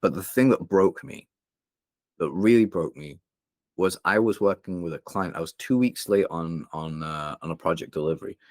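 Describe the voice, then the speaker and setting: A man's voice: deep voice, moderate pace, no echo, studio quality. A young man from England, a podcast guest, telling a painful personal story openly and emotionally, rambling with many fillers. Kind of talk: candid interview storytelling.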